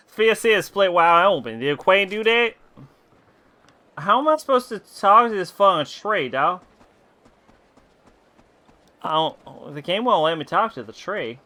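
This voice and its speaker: Slightly drunk and streaming a game, this man speaks in a high, pushed, bright voice with lively intonation, slowly and with frequent pauses. He voices the game's dialogue in a fake southern country drawl and curses freely throughout his laid-back commentary.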